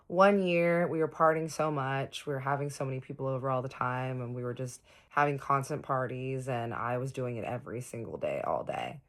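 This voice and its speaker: A woman, chatting casually through a storytime and quoting others in her own voice. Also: very deep voice.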